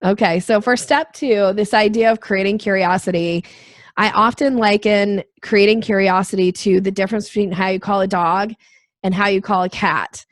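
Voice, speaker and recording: A woman sales trainer answering interview questions, explaining with lively acted-out examples. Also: medium pitch, moderate pace, no echo, clean studio sound. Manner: animated, acts out quoted voices.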